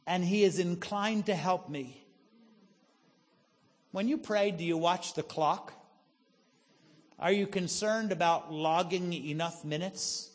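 A male pastor preaching a sermon to a congregation, asking a string of rhetorical questions and telling a joke story. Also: high voice. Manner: tells a joke story with acted voices. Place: church sanctuary. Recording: reverberant hall.

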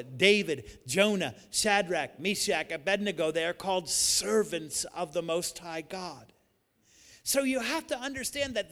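Male preacher, high voice, emphatic sermon delivery that swells into shouts, hall reverb. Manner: emphatic, rising to shouts on key lines.

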